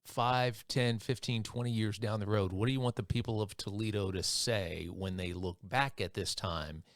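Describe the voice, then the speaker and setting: A man with a fairly low voice asks a closing question in a measured, steady way. He sounds a little distant from the microphone. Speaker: podcast interviewer. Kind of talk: interview question.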